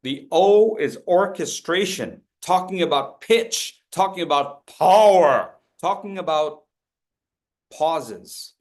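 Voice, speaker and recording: A man's voice: on the high side, lively intonation, takes it slowly, darkish tone. A man presenting a public speaking workshop, joking with the audience and leading group drills. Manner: playful, jokey, leads group drills.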